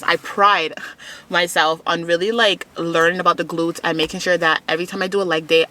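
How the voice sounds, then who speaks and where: A young woman talks straight to her viewers in an easygoing vlog. Her voice sits fairly low but sounds bright and forward. She tells stories in a lively, chatty way. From Montreal, Canada. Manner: chatty, animated storyteller, laughs often. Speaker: fitness vlogger. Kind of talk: casual vlog chat to camera.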